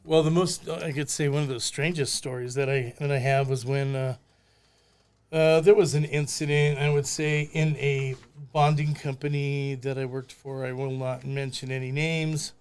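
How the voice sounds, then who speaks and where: A man's voice: medium pitch, moderate pace, clean tone. An older man, a former bail bondsman, telling stories in a casual podcast chat and acting out the voices of people in them. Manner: animated, acts out voices in his stories.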